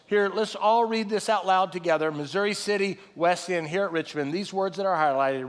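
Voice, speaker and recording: A man in his late fifties preaching a sermon in a folksy, animated way with self-deprecating asides. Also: sits high, normal speed, hardly any pauses. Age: 50s. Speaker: pastor. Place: large church hall. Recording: live sermon with long hall reverb.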